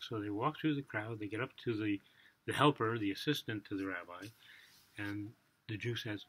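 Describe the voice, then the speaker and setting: A man telling a religious story for children in a casual, animated way, acting out the dialogue and swinging between loud and soft. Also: lowish voice, fast, slightly rough.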